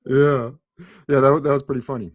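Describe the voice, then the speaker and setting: A man's voice: mid-range voice, fairly even intonation, a little fast. A man hosting a casual recap chat, laughing often and reading viewer comments aloud. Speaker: podcast host.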